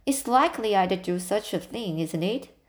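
A woman reading the part of a spirited girl, the heroine's best friend, lively and gossipy. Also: medium pitch, normal speed, lightly acted.

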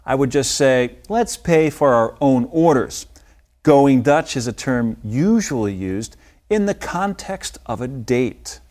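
A man co-hosting a scripted English lesson, explaining an idiom with clear, patient examples. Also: medium pitch, expressive, takes it slowly, a little mellow. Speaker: English teacher. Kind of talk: scripted language lesson dialogue.

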